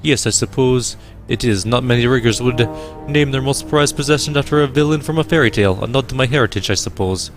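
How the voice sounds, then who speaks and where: A man voicing a polite, cultured male drone engineer in a video game, speaking in a measured, formal way. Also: medium pitch, soft background music, natural voice.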